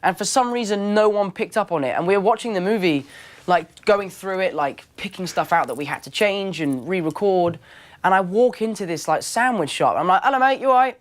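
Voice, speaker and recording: A man's voice: high-pitched, normal speed. A young English man telling stories in a casual interview, playful, acting out quotes and laughing easily. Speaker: actor guest.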